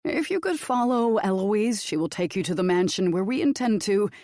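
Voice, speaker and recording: A woman's voice: mid-range voice, lively intonation, normal speed, darkish tone, no echo, studio quality, pitched above the performer's own voice, lightly acted. Woman voicing a nervous, stiffly formal male official. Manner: stiff and polite. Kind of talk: audiobook character voice.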